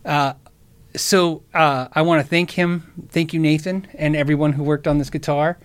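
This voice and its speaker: A man with a notably high-pitched voice hosts his own show in loose livestream chat. He talks excitably, stammers and often breaks off to restart his sentences. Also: normal speed, clean tone. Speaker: show host.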